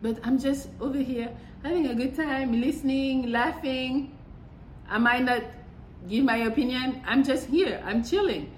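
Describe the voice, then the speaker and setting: A woman's voice: sits high, a little slow, a little hiss or hum. A young adult woman hosting a podcast, talking in a blunt, exasperated, profane casual monologue. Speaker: podcast host. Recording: echoey room with faint ambience.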